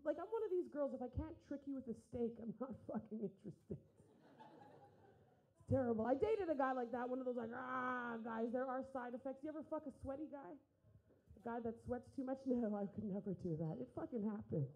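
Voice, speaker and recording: A woman's voice: sits high, animated, normal speed, darkish tone, poor audio. Brash, profane woman doing stand-up. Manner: brash, profane, acts out voices in her stories. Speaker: stand-up comedian. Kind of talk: stand-up comedy set.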